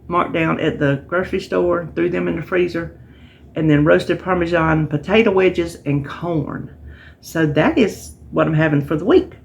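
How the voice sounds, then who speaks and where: A middle-aged woman, chatting casually and a bit tiredly to camera, rambling with restarts as she talks. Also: deep voice. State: tired, yawning. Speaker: vlogger sharing a weekly menu plan.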